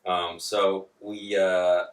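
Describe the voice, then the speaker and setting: A man's voice: deep voice, flat delivery, very slow, recorded from a distance. A man co-hosting a casual podcast, joking around, laughing often and slipping into silly voices. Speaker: podcast co-host. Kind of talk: casual chat. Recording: echoey room, voice a bit off-mic.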